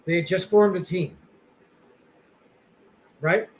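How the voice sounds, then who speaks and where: Rambling high-voiced man chatting on a podcast. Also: fairly even intonation, takes it slowly, rough recording. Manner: rambling, self-deprecating, many fillers. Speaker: podcast co-host. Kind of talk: casual chat.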